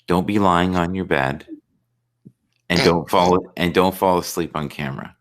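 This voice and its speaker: A man's voice: low voice, fairly even intonation, unhurried. A man hosting a casual live stream chat, joking and telling offbeat stories, rambling and repeating words as he gets going.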